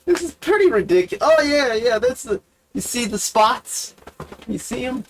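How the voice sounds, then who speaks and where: A man's voice: big pitch swings, moderate pace, slight background noise. A man hosting a livestream, talking to camera in a profane, self-mocking, wandering monologue. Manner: wide sudden pitch swings. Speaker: livestream host. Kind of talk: rambling casual monologue.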